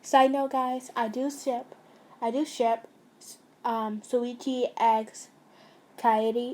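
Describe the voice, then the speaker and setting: A woman's voice: on the high side, fairly even intonation, takes it slowly, a little mellow. A young woman narrating a fan fiction story casually, stumbling and restarting, with chatty asides to her listeners.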